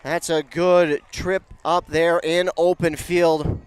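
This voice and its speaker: A man calling a local high school football game, chatty and self-correcting, rising in pitch and volume on big plays. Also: level tone, slow, clean tone. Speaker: play-by-play announcer. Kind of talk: local football play-by-play commentary.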